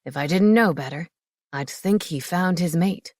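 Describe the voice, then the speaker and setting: A woman's voice: on the low side, moderate pace, darkish tone, no room sound, studio quality, lightly acted. A woman voicing a proud older male pack leader giving a speech about his son. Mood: proud, joking.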